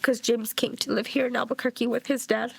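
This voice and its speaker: A woman's voice: a little high, level tone, fairly quick, creaky, slight background noise. A middle-aged woman from New Mexico, a bereaved mother giving documentary interview testimony in a plainspoken way and acting out past dialogue.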